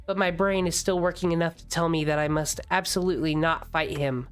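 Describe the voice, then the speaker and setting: A woman reading a visual novel aloud in the first person, expressive and dramatic, with jokey asides. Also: deep voice, a little fast, smooth, soft background music.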